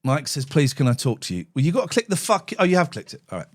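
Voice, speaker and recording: A man's voice: a little high, big pitch swings, fast. A man hosting a live call-in stream, brash and sweary, bantering with callers.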